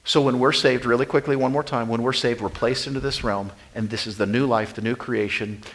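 Male pastor, sermon delivery, mid-range voice, emphatic repetition, dynamic swings between loud and quiet. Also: mid-range voice, low-quality recording. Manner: repeats key phrases for emphasis.

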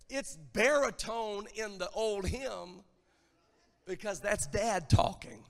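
A man preaching in a church, his voice pitched high for a man and edged with gravel. He talks emphatically, climbing toward shouts, and a long hall reverb trails his words. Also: measured pace. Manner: emphatic, building to shouted lines. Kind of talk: sermon.

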